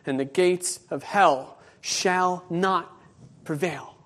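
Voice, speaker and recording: A middle-aged male pastor preaching a sermon, telling a personal story in an animated way and acting out the voices. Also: sits high, takes it slowly.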